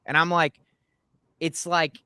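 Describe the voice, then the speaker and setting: A man chatting casually as a guest, telling animated stories and acting out quotes, swearing when he gets worked up. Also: fairly high pitch, slow pace, smooth, no room sound, studio quality. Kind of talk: casual chat, storytelling.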